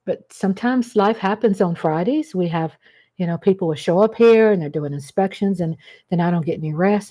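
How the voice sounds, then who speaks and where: A woman hosts a relaxed livestream, rambling in a chatty monologue and greeting viewers by name along the way. Her mid-range voice has a dark tone and lively intonation, and she keeps a moderate pace.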